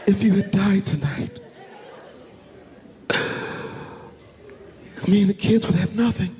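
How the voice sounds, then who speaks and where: A man putting on his wife's voice as a distraught, then scolding adult woman, squealing high in a stand-up routine. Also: animated, normal speed. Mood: tearful. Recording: echoey hall with loud crowd.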